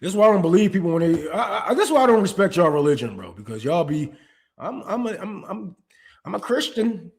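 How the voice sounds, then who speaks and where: A man's voice: high voice, very animated, quick pace. A man hosting a political commentary stream, ranting with profanity and rhetorical questions. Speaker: podcast host.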